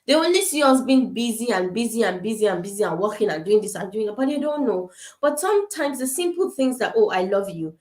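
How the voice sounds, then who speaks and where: Her voice is a little high and darkish in tone, expressive and quick, heard in an echoey room through a webcam on a video call. A woman from Africa, she talks earnestly to parents in a casual online session, going back over points with frequent fillers and restarts.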